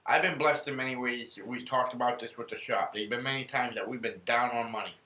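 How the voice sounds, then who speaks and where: Earnest podcast host, male, bright and forceful, roomy echo. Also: mid-range voice, fairly even intonation, fairly quick. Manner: earnest, rambling storyteller. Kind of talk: casual faith podcast talk, storytelling.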